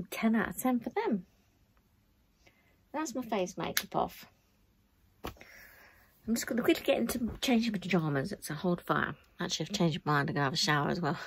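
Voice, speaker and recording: A woman's voice: lowish voice, creaky, a bit bright, slight background noise. A middle-aged woman, chatting casually and wearily to camera in her bedroom. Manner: chatty, tired, rambling. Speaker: vlogger. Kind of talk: casual vlog chat.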